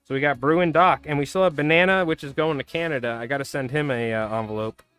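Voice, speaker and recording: A man's voice: on the high side, quick pace, clear, resonant tone. Laid-back male streamer, music underneath. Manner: rambling, laid-back, bursts into loud excited commentary. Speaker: streamer and fly tier. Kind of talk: casual live-stream chat and excited race commentary. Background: background music.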